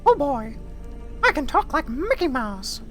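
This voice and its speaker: A man voicing a cheerful squeaky male cartoon mouse in a high falsetto. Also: sing-song, measured pace, pushed and bright, faint music behind, full character voice. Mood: chipper. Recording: noisy background.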